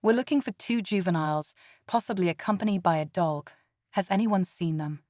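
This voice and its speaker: A woman's voice: on the low side, brisk, darkish tone, dry recording, studio quality, close to an everyday voice. A woman voicing a stern male government agent in a synthetic-sounding storybook read. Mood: formal.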